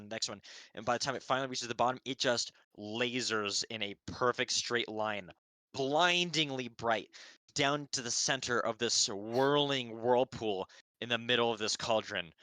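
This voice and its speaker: A man's voice: medium pitch, pushed and bright, no room sound. A man running a tabletop game as dungeon master, narrating with lots of fillers and restarts. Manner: rambling with many fillers and restarts. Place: home setup, streamed live.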